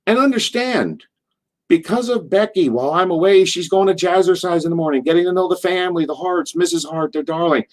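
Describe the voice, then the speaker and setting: A man's voice: high-pitched, a little fast. An older man, a former wrestler, telling a rambling story in an interview and acting out the people in it. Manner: rambling, acts out quotes in voices. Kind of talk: animated storytelling.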